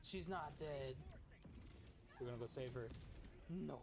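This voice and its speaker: A man reacting excitedly and dramatically to gameplay in casual chat with a friend. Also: on the high side, a little slow, pauses often, noisy background.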